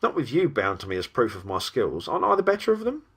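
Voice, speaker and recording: A man voicing a calm, commanding middle-aged salesman who speaks with quiet authority. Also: medium pitch, quick pace, husky, voice pushed up, full character voice. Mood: musing. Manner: quiet but absolute authority.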